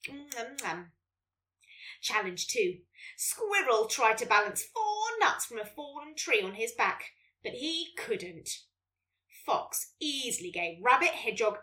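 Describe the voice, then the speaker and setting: A woman, hosting a children's podcast and reading a story in a gentle, lively way. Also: a little high, distant mic.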